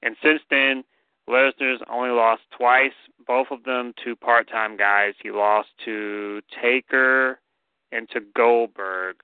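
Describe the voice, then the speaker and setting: A man's voice: mid-range voice, fairly even intonation, slow, clear, resonant tone, dry recording. A man co-hosting a podcast, chatting casually about wrestling, blunt and opinionated, with some swearing. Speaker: podcast co-host. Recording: dry tinny phone-like sound.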